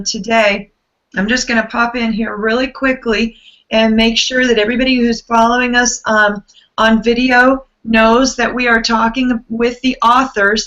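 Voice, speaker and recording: A tired woman with a gravelly voice, effusively hosting an online book club chat over a video call. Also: on the high side, low-quality recording. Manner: warm, effusive, chatty.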